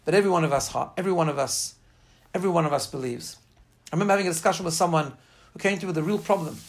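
A man's voice: fairly high pitch, racing. Earnest man teaching a faith class. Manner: earnest, emphatic, storytelling. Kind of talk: informal spoken class lecture with personal anecdotes.

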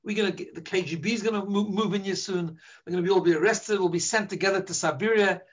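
A man voicing a Hasidic factory boss, first ranting in alarm and later calmly explaining himself, inside a story he tells. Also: sits high, fast, highs cut off.

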